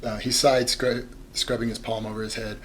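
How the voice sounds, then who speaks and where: A man co-hosting a podcast, talking about a novel in an animated, rambling way full of fillers and restarts. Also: medium pitch, normal speed, slight background noise, poor audio. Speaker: podcast co-host. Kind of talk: casual book discussion.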